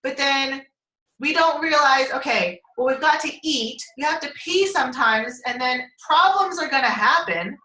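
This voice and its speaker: A woman's voice: sits high, normal speed, sharp tone. Chatty woman in an echoey room. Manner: rambling, chatty, laughs often, swears casually. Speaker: team member on a group call. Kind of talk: casual chat. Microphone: conference call line.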